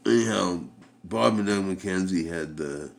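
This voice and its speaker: Very deep, gravelly man rambling. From Canada. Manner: rambling, halting, many fillers and restarts. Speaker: vlogger. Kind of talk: casual rambling vlog.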